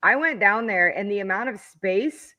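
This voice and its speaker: A man's voice: sits high, expressive, moderate pace, muffled recording. A man hosting a racing podcast, asking the guest eager, probing questions. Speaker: podcast host. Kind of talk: interviewing.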